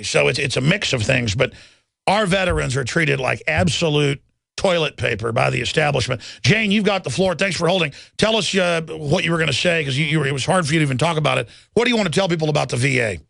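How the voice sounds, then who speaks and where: A man's voice: fairly high pitch, vocal fry, fairly bright tone, no room sound. A man hosting a talk radio show, delivering an emphatic, ranting monologue.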